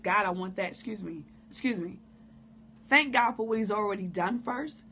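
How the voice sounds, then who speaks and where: A hoarse woman who coughs now and then, giving a candid, informal live-stream talk on prayer and speaking straight to her viewers. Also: medium pitch, a bit bright, a little hiss or hum. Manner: candid, informal, preacherly direct address. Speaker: motivational speaker.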